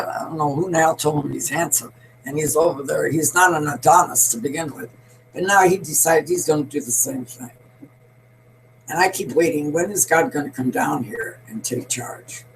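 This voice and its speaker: An elderly woman in her eighties hosts a show, giving a blunt, emphatic, opinionated monologue that rambles from point to point. Her voice is low, the audio is poor, and a faint hum sits beneath her.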